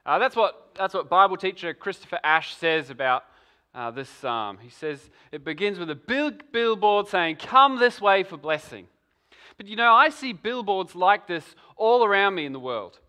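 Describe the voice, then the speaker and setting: A male preacher talks through his sermon in a relaxed, conversational way. His voice sits high and sounds bright and forward. He keeps posing questions straight to the congregation. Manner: conversational, asks many rhetorical questions.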